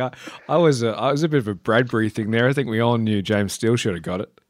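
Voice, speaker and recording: A man's voice: on the low side, animated, brisk, a little hiss or hum. A man hosting a podcast, chuckling easily and asking friendly follow-up questions. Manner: chuckling, easygoing, asks follow-ups. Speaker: podcast host. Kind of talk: casual chat.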